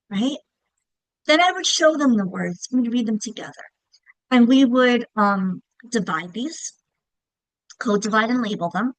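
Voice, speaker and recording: A woman with a fairly high voice trains teachers in reading instruction, patiently checking in with frequent "okay?" and "right?" as she whispers, claps and calls out words to demonstrate them. The recording is rough but has no echo.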